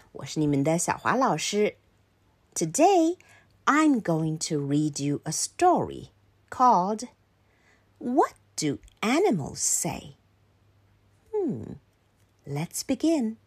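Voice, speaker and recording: A woman whose first language is Mandarin Chinese, a children's English teacher reading a picture book aloud in a slow, sing-song storytelling way with character voices. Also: medium pitch, wildly swooping pitch, slightly rough.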